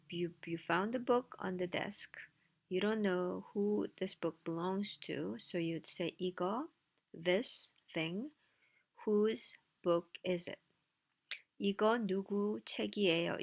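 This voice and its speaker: A woman teaching a language lesson, explaining slides in a casual way with dry asides. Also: lowish voice. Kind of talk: recorded lecture with slides.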